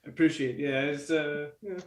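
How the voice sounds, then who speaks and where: A man's voice: fairly high pitch, reverberant, a little hiss or hum. A man, a guest artist, chatting casually, laughing often and stopping to restart his sentences. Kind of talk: casual chat.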